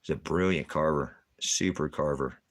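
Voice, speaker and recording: A man vlogging in casual chat, rambling and repeating himself with halting restarts. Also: rumbling low.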